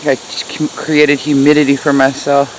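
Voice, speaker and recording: A woman's voice: extremely low pitch, completely flat delivery, moderate pace, a little hiss or hum, poor audio. A woman giving a casual, chatty tour of her backyard garden in the heat, hot and sweaty and laughing at herself. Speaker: gardening vlogger.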